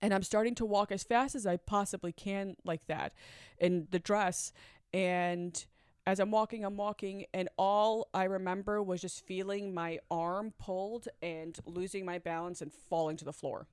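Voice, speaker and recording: Woman storyteller, smooth clear voice, confessional and candid, close dry sound. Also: medium pitch, steady tone, normal speed, no room sound. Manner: candid, reflective, with nervous laughs. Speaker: storyteller sharing a personal story.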